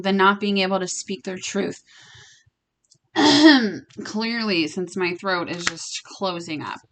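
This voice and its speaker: Bright-voiced woman giving a blunt spiritual reading. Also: medium pitch, slight background noise. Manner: blunt, emphatic, swears freely. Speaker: tarot reader. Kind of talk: casual spiritual reading to viewers.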